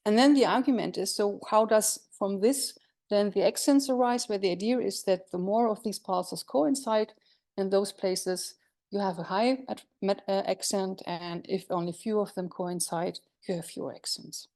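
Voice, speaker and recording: A woman presents research at an academic conference, explaining in a steady middle-pitched voice. She pauses on fillers and fixes her slips mid-word. Now and then she turns to the audience with a question. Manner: explanatory, with frequent fillers and self-corrections. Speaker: lecturer.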